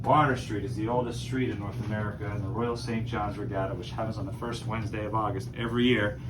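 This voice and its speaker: A man's voice: fairly low pitch, fast talker, background noise. Playful Newfoundland man leading a crowd. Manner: playful, teasing, animated. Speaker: host of a screech-in ceremony. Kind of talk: joking performance for a crowd. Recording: distant mic with loud background.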